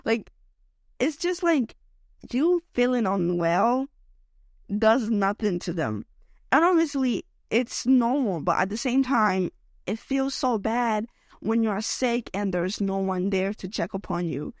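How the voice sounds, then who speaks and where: A woman's voice: on the high side, expressive, slow, no echo, studio quality. A young woman hosting a solo podcast rant while sick, her voice worn by illness, rambling and emotional with lots of "like" and "okay?". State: unwell, voice affected by illness. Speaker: podcast host.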